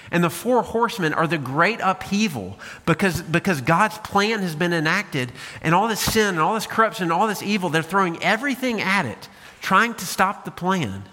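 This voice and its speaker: A man's voice: high voice, bright, forceful tone. A man preaching a sermon as a pastor, talking to the congregation in a conversational way with rhetorical questions. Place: church sanctuary. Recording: long hall reverb.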